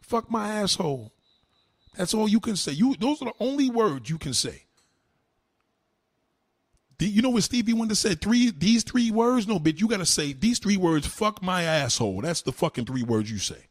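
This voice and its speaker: A man's voice: high voice, animated, moderate pace, husky, dry recording. A man doing a heated, mocking, heavily profane rant on his live stream. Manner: heated, mocking, swears constantly.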